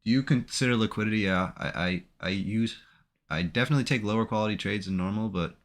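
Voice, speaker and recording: A man's voice: fairly low pitch, fast. A man giving live commentary on his own trades, talking to himself in an anxious, emotional way. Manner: anxious, emotional self-talk. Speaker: day trader streaming his trading.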